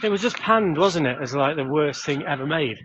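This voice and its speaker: A man's voice: on the high side, animated, brisk. A man chatting casually with a friend while walking outdoors, telling a story eagerly. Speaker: friend on the stream. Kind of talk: casual chat. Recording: lo-fi phone stream with faint noise.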